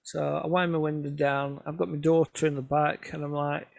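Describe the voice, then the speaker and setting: A man's voice: fairly high pitch, level tone, moderate pace, creaky, dry recording. A man telling chatty, self-mocking photography stories to a club over a video call. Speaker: photographer giving a club talk. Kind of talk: casual anecdotal presentation.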